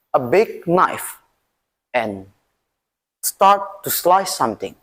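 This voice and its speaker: A man's voice: on the high side, big pitch swings, fairly bright tone. A teenage boy from Indonesia telling a story dramatically in a school speaking competition. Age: teens. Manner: dramatic, swinging delivery with long pauses. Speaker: student storyteller.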